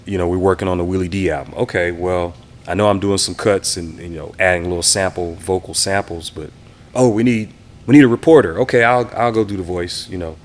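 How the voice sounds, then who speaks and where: A man from the Houston area with a very low voice sits for a casual interview. He reminisces in a relaxed, easygoing way and slips into quoting the people he talks about. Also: a little fast. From Houston area, Texas. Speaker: interview guest, DJ and producer.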